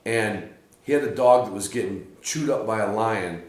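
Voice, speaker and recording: A man's voice: on the low side, normal speed. A man from Michigan hosting a podcast, telling a rambling story in casual chat at a hunting camp and laughing often. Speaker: podcast host. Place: hunting camp room, drinks being poured. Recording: echoey room.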